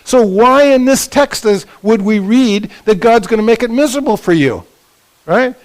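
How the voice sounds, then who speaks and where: Older guy teaching bible stuff to a room, highish voice, keeps asking "right? okay?". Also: moderate pace, poor audio. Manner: lively, asks the audience for agreement. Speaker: retreat teacher. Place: conference room at a resort.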